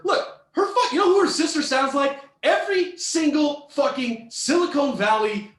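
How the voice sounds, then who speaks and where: Man, podcast rant, swearing and shouting, very high-pitched, roomy echo. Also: moderate pace, hardly any pauses. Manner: profane, heated, often shouting. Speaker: podcast co-host. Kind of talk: ranting commentary on a reader story.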